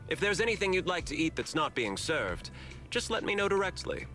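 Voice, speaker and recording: A smooth, polite corporate host. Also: male voice, high-pitched, big pitch swings, sharp tone, soft background music, heavily acted. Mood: courteous. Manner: courteous, measured. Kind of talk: game voice acting.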